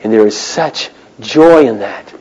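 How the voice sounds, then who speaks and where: A middle-aged man preaching a sermon, swinging from loud, emphatic lines to quiet, hushed asides. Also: fairly low pitch, expressive, measured pace, slightly rough, lo-fi sound. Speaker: pastor.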